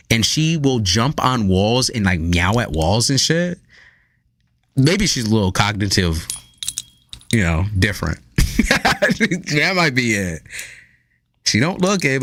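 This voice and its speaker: A man hosting a live stream, chatting casually with viewers in a loose, profane, animated storytelling manner. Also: on the low side. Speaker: live stream tarot reader.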